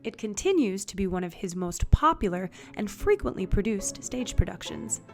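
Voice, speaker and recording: A woman with a mid-pitched voice guides learners through an acting lesson. Her scripted narration sounds upbeat and encouraging, and she speaks as if chatting with the listener. Faint music plays beneath her. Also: big pitch swings, normal speed. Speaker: acting teacher.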